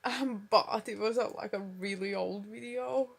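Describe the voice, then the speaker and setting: A woman's voice: mid-range voice, fairly even intonation, moderate pace, gravelly. A young woman vlogging at home on her phone, mumbling and rambling with lots of fillers. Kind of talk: casual talk to camera. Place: at home, indoors.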